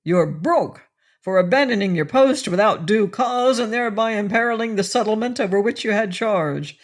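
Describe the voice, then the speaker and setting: A woman's voice: medium pitch, lively intonation, moderate pace, voice pushed up, natural voice. A woman reading an audiobook, voicing an elegant little colonial lord who speaks dryly and with formal authority.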